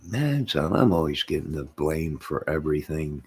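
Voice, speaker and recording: A man's voice: a bass voice, normal speed, few pauses, slightly rough. A man hosting his own channel, rambling to his live chat, reading out comments and laughing to himself. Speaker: channel host.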